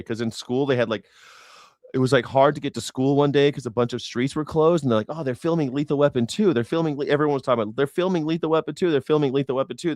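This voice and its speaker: A man's voice: medium pitch, dry recording, studio quality. A man in his forties from Los Angeles hosting a casual livestream, rambling and sarcastic with jokey asides. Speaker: host of a news reaction stream.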